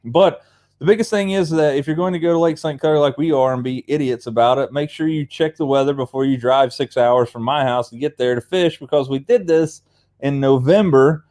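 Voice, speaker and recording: A man's voice: mid-range voice, a little fast, darkish tone. Chatty Appalachian man on a livestream. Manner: rambling and chatty, reads viewer comments aloud. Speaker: livestream host. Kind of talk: casual live chat.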